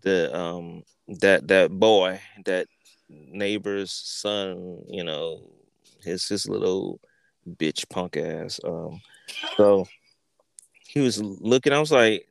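A man hosting a podcast, telling a story in an animated, profane way, repeating words and acting out what people said. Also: low voice, slow pace, gravelly, dry recording. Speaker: podcast host. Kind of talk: casual storytelling.

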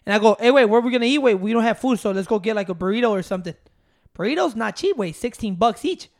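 A man co-hosting a podcast, teasing his friends with loud outbursts in mixed English and Spanish. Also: sits high, animated, quick pace, vocal fry. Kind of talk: casual chat, switching between English and Spanish.

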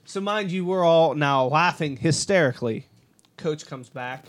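A young man telling a gross school story on a podcast with friends, excited and swearing. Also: fairly high pitch, measured pace. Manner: excited, amused, profane. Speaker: podcast co-host. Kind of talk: casual storytelling among friends.

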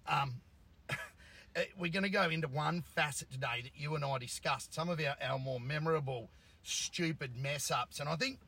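A middle-aged man with a husky voice, co-hosting a casual car podcast from a car, jokey and laughing often. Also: a little high, moderate pace, sharp tone. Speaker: podcast co-host.

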